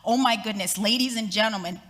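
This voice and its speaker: A woman's voice: fairly high pitch, brisk, fairly bright tone, close to an everyday voice. A woman voicing a frightened male field reporter who stammers and repeats himself, in an echoey hall. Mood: shaky.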